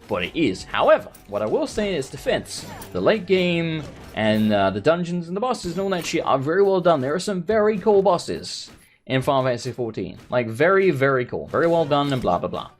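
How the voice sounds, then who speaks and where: A man's voice: on the high side, very animated, a little fast, faint music behind. A man giving casual gameplay commentary as a let's play host, rambling and ranting with sarcasm and plenty of swearing.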